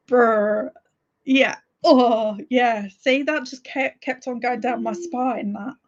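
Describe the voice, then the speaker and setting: A woman's voice: on the high side, slow pace, muffled recording. A woman hosting a reading livestream, chatting casually and giggling as she reads out viewer comments. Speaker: streamer hosting reading sprints.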